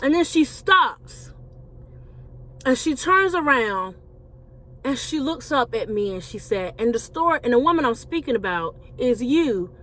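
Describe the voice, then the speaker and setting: A woman's voice: high-pitched, big pitch swings, a little slow, a bit bright, slight background noise. A woman, a Christian life coach and author, telling her personal story to viewers in a conversational way, calling them y'all.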